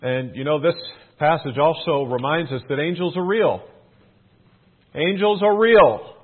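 A man preaching a sermon in a measured way, repeating key phrases for emphasis. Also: fairly high pitch, husky. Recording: phone-like narrow band.

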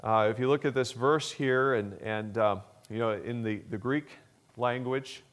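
A man's voice: medium pitch, fairly even intonation, a little slow. Man preaching an emphatic sermon. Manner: emphatic preaching with frequent uh fillers and restarts. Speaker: pastor.

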